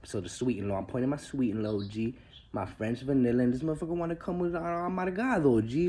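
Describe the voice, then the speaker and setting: A man's voice: medium pitch, quick pace, mellow, slight background noise. A man telling a story in a casual, slangy and profane way, dropping in Spanish words and calling the listener "G" and "bro". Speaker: storyteller recounting prison life.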